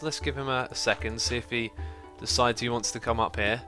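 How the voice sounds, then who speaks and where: A man's voice: mid-range voice, steady tone, fairly quick, sharp tone, soft background music. A man hosting a casual gameplay livestream, chatting away and reading out messages from viewers. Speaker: livestream host.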